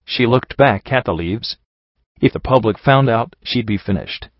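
A man's voice: medium pitch, lively intonation, a little slow, no room sound, lo-fi sound. A man narrating a fan fiction audiobook, giving every character in his own voice with small shifts.

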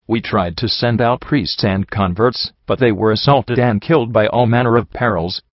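A man voicing a calm, measured female alicorn goddess who speaks for a hive mind, in an audiobook reading. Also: lowish voice, no echo, close to an everyday voice. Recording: dull dry recording.

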